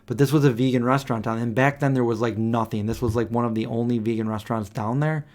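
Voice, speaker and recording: A man's voice: mid-range voice, steady tone, fast, darkish tone. A man hosting a casual late-night live stream at home, rambling and stopping to search for names he can't remember. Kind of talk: casual chat. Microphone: desk microphone.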